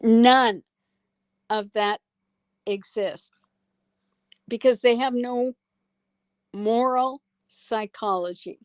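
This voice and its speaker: A woman, a psychologist guest on a talk show, speaking in a slow, deliberate way with emphatic pauses. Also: on the high side, smooth, dry recording. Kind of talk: political talk show conversation.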